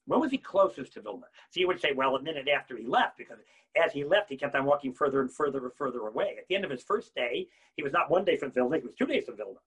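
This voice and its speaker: A man giving an animated Torah talk on repentance, swinging between loud bursts and near-whispers. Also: mid-range voice, fast talker, husky.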